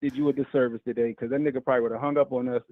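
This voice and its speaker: Guy calling in on the phone, ranting fast and cursing a lot, sounds tinny. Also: mid-range voice, no echo. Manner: profane, animated, fast-talking. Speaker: caller. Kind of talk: heated call-in rant.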